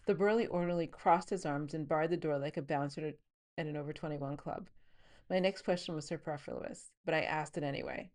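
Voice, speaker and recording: A woman's voice: sits low, brisk, a little mellow. A woman reading her novel aloud and stopping now and then to explain scenes in a chatty, offhand way. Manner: reads the scene plainly, then breaks into chatty asides. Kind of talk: book reading with commentary.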